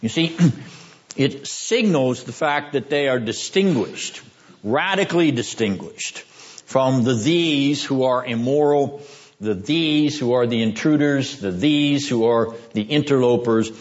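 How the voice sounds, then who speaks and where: Male seminary lecturer, mid-pitched, clears throat often, quizzes the class, dull lo-fi classroom tape. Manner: questions the class, frequent throat clearing, deliberate explanations. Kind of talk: classroom lecture on Greek scripture. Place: classroom with students.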